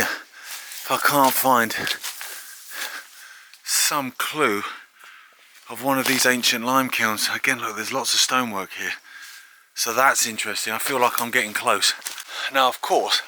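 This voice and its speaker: A man hosting a walking exploration video outdoors, chatting excitedly to a handheld camera with frequent filler asides. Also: medium pitch, a little hiss or hum. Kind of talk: casual walk-and-talk to camera. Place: outdoors in fields, woods and an old quarry.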